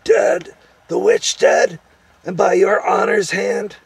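A man voicing a small, frightened male gnome prisoner who squeals and whimpers in a very high, strained voice. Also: sing-song, measured pace, vocal fry, a little mellow, slightly rough, recorded from a distance, exaggerated voice. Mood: astonished.

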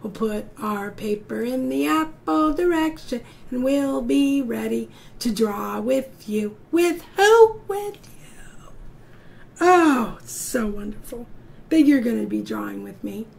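A woman's voice: on the high side, measured pace, creaky, a little mellow, breathy edge. A woman teacher reading a story and leading a drawing lesson for young children, in a singsong, encouraging way. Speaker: art teacher.

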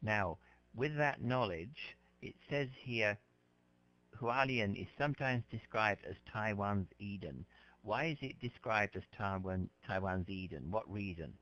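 A man teaching an English class, explaining words slowly and patiently to his students. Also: on the low side, a bit bright. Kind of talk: classroom lecture. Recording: dull lo-fi lecture recording.

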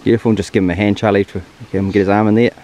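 Fast-talking New hunting guide. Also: male voice, on the low side, flat delivery, darkish tone. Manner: encouraging, practical, easygoing. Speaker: hunting guide and channel host. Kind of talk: casual outdoor instruction and wrap-up chat. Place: outdoors on a hillside.

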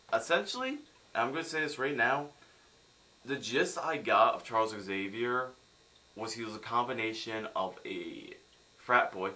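A man's voice: fairly low pitch, sharp tone. A young man from the United States ranting sarcastically in a film review vlog.

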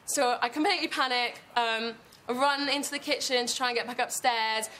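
A young woman from Devon telling a casual anecdote with a laugh in her voice. Her voice is bright and a touch high. Faint noise sits underneath. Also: steady tone, a little fast. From Devon, England. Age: young adult. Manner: breezy, laughing as she tells it. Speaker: audience member telling a story. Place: TV studio audience.

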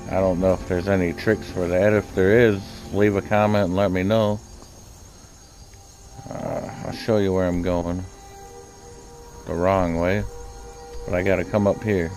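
A man's voice: low-pitched, flat delivery, unhurried, pauses often. A man casually commenting on his own gameplay, chatty and laid-back, thinking aloud as he plays. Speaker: gaming channel host. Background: game music.

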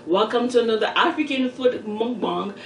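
A slightly high, gravelly female voice at normal speed comes through a distant mic, with roomy echo and slight background noise. The speaker, a mukbang host with a Nigerian Yoruba accent, chats playfully and casually straight to her viewers while eating.

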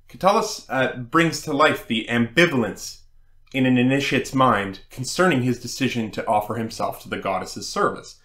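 A man's voice: mid-range voice, pushed and bright. Scholarly man reading in an echoey room. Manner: measured, scholarly reading with occasional fillers. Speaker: host. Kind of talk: scripted history lecture. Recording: roomy echo.

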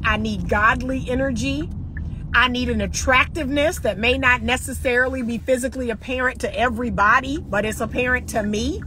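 A sassy woman over forty coaches her listeners with preachy, repeated punchlines. Her voice sits fairly high. The recording has clear background noise. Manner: sassy, preachy, repeats phrases for emphasis, acts out little dialogues. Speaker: relationship coach. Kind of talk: straight-talking advice monologue.

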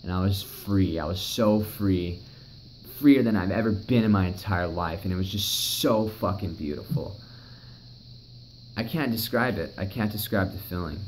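Deep-voiced young man telling a story. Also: moderate pace, slight background noise, low-quality recording. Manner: emotional, rambling, heavy swearing. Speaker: vlogger. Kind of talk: personal storytelling.

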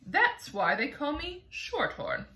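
A woman reads aloud as a wise old grasshopper who plays the violin, talking with gentle pride and a lecturing air. The voice sits bright and lively with a roomy echo around it. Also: sits high, slow pace, voice pushed up, full character voice. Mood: proud.

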